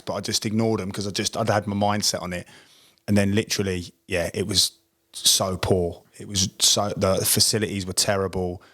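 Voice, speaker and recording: Man telling a story. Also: on the low side. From Essex, England. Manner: acts out quoted dialogue in lively voices. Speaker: podcast co-host, former pro footballer. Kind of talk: casual storytelling chat.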